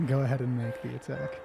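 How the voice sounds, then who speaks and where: A man's voice: mid-range voice, gravelly. Jokey, nervous male game master. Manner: joking, self-mocking and chatty. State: a little nervous. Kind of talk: narrating a tabletop game on a live stream. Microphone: headphones on, streaming from home.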